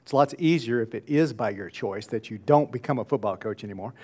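A man's voice: medium pitch, fairly quick, a little mellow. A man preaching a sermon who chuckles often and acts out little bits of dialogue as he goes. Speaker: pastor.

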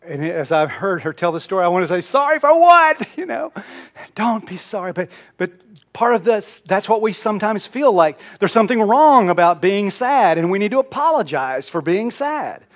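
A male pastor telling stories in a conversational sermon, moving between loud emphasis and soft, almost whispered moments. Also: high-pitched, lively intonation, moderate pace. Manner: conversational storytelling, swings from loud emphasis to hushed near-whisper.

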